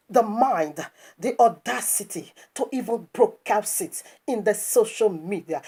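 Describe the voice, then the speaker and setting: Scolding woman preaching with a lively pitch. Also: a little slow, slightly rough. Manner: scolding, rhetorical questions, stammered restarts. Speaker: online preacher. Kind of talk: impassioned religious commentary.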